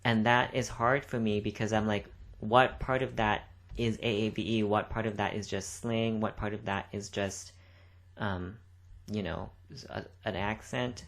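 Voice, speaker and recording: A woman's voice: rumbling low, fairly even intonation, unhurried. A young woman co-hosting a podcast, chatting casually in a rambling way and swearing freely. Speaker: podcast co-host. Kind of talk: casual chat.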